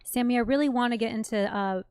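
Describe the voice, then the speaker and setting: A woman's voice: fairly high pitch, fast, darkish tone, clean tone, no room sound, studio quality. A woman co-hosting a live Q&A, upbeat and teasing as she reads viewer questions aloud. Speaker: co-host reading viewer questions.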